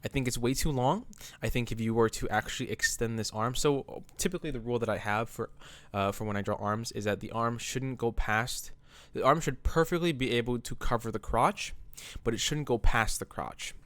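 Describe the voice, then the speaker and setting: Slightly out of breath, the man talks through his drawing at normal speed in a medium-pitched, somewhat bright voice with no echo. His commentary is rambling, relaxed and self-deprecating.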